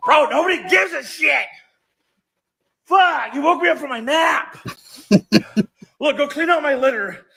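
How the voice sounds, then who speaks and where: A man's voice: extremely high pitch, lively intonation, a little slow, gravelly, long pauses, bright, forceful tone, exaggerated voice. A man voicing a rude, lazy male house cat that swears and bosses people around in a comedy sketch. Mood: annoyed. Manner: crude, bossy, swearing.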